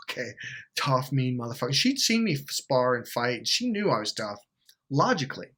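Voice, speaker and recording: A middle-aged man hosting a self-help video, telling a blunt, swear-heavy story in an animated monologue. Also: medium pitch, normal speed.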